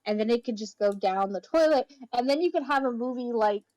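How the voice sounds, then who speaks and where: A woman's voice: a little high, expressive, fairly quick, a little mellow, dry recording, rough recording. A woman chatting on a casual podcast, enthusiastic and rambling, with many fillers. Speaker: podcast guest. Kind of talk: casual chat.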